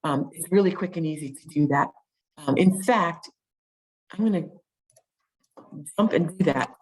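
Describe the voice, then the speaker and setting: A woman's voice: low voice, unhurried, poor audio. A woman presenting an online teaching webinar, explaining step by step with frequent ums and restarts, on a video call mic.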